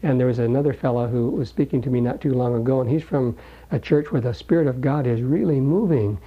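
A man preaching a sermon in a folksy, conversational way, slowing down to read scripture aloud. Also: mid-range voice, breathy edge. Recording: dull lo-fi recording.

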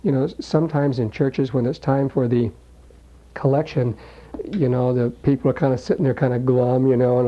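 A man preaching a sermon in a folksy, conversational way, slowing down to read scripture aloud. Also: medium pitch, little pitch movement. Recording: dull lo-fi recording.

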